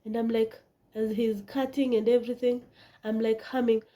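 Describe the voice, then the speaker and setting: Woman, casual vlog storytelling, higher voice, mellow tone, dramatic, drops to whispers. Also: flat delivery, moderate pace. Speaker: vlogger.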